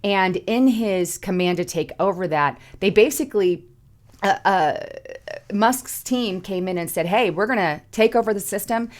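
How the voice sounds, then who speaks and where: A woman's voice: medium pitch, normal speed. A middle-aged woman hosting casual political commentary, emphatic, repeating words and rising sharply to stress points.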